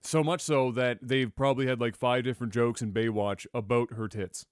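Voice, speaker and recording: Profane, animated podcast co-host man. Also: medium pitch, normal speed, clean tone, no echo, studio quality. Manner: profane, animated, loud when excited. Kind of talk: casual crude banter.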